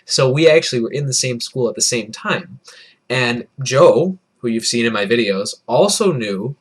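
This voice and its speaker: Tipsy guy in his early 20s rambling on his vlog, swearing a lot and putting himself down, mid-pitched voice. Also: animated, normal speed, breathy edge. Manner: profane, rambling, self-deprecating storytelling. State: tipsy from beer. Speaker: vlogger.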